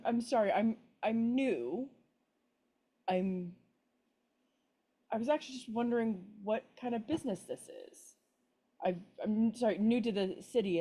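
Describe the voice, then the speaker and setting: A woman's voice: mid-range voice, dark tone. A woman playing a tabletop role-play game, speaking hesitantly with apologetic restarts. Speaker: player.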